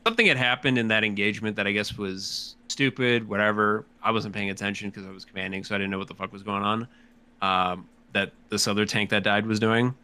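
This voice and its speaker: Man, podcast guest, casual rambling chat, swearing, clear smooth voice. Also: fairly low pitch, fairly even intonation, fairly quick, bright, forceful tone. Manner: rambling, swears, restarts sentences.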